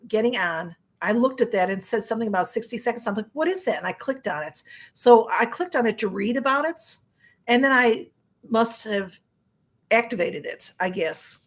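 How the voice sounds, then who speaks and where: A middle-aged woman with a Chicago accent hosts a live stream in a casual, rambling chat, reading out viewer comments, her voice going a little hoarse. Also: on the high side. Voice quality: rambling, chatty, with frequent fillers and restarts. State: voice getting hoarse.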